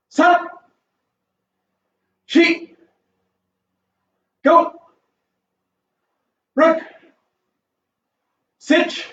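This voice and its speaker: A karate instructor with an American accent leading a warm-up class from his home garage, upbeat and counting reps in Japanese. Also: sits high, muffled recording, slight background noise. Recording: echoey garage mic from a distance.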